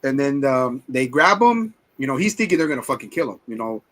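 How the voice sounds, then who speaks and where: A podcast co-host in his forties rambles through a casual movie review chat, swearing and retelling scenes in quoted voices. His mid-range voice is sing-song, fairly quick and a bit bright.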